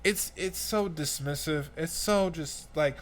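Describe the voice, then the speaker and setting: A man's voice: a little high, slow. A man giving casual reaction commentary on a video clip, ranting and speaking to his audience directly. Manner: animated, ranting, addresses the audience.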